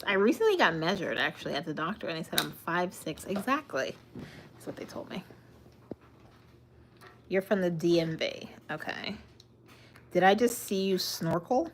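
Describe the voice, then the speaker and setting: A young woman with a lowish voice hosts a casual livestream, answering viewer comments while giggling often and tripping over her words. The recording carries a faint hiss or hum.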